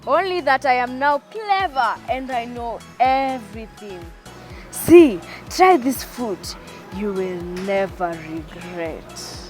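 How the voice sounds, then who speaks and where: A woman's voice: fairly high pitch, expressive, slow pace, darkish tone, faint music behind. A woman voicing a sly, tempting male serpent in a children's story, speaking in a coaxing, whispery way.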